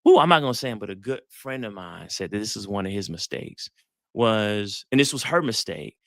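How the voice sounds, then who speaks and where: Guy hosting a live dating talk, slangy storyteller, crisp dry audio. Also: lowish voice, fairly quick, no room sound. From Atlanta, US South. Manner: animated storyteller, acts out quotes, slangy. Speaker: psychologist hosting a live session.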